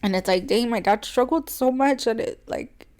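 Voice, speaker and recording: A woman's voice: on the high side, normal speed. A young woman, co-hosting a podcast and telling a personal story in a chatty way, full of "like" fillers and frequent laughs. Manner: chatty, heavy "like" fillers, laughs often between words; earnest and open, turning quiet on painful parts. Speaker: podcast co-host.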